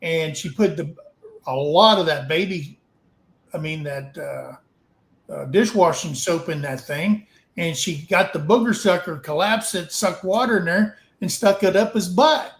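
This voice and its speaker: A man's voice: a little high, unhurried, echoey room, low-quality recording. A man casually telling a frank, rambling story to a livestream audience, swearing now and then. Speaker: open mic storyteller.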